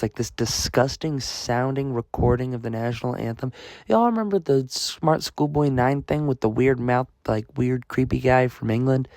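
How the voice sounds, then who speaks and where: A man's voice: medium pitch, darkish tone, no echo. A young man from the United States telling a rambling, self-mocking story with lots of fillers and restarts. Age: young adult. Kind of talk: casual storytelling vlog.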